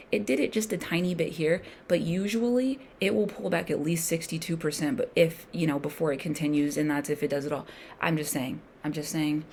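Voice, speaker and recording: A woman day trader streams a trading session, chatting casually as she trades, thinking aloud in slangy speech and coaching viewers emphatically, sometimes sinking to a whisper. Her voice is low-pitched and a little mellow, with a little hiss or hum on the recording.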